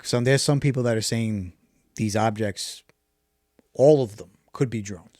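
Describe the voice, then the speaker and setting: A man's voice: lowish voice, measured pace, a little mellow, no echo, studio quality. New man telling stories. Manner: storytelling, peppered with "you know what I mean". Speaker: podcast co-host. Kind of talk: casual chat.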